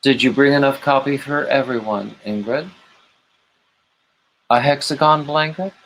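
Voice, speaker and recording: A man's voice: medium pitch, a little slow, a bit bright, a little hiss or hum, low-quality recording. A man hosting a late-night livestream, rambling on and greeting chat viewers by name with gushing, emotional asides. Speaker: livestream host.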